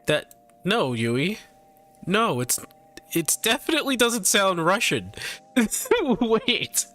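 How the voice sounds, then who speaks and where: A man's voice: high voice, sing-song, takes it slowly, sharp tone. A man streaming live, chatting casually and animatedly with his viewers, laughing often and tripping over his words.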